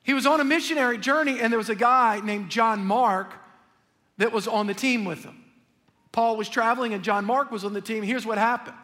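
A male pastor preaches a lively, joking sermon and keeps talking straight to his congregation. His voice sits very high for a man. A long reverb rolls through the sanctuary. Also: fairly quick. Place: church sanctuary.

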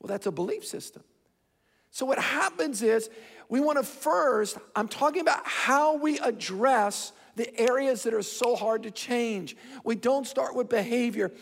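High-voiced, gravelly man preaching. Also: a little slow. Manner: emphatic, repeats himself, shifting pace for stress. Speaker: pastor. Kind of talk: sermon. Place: large church hall. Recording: hall reverb from a large sanctuary.

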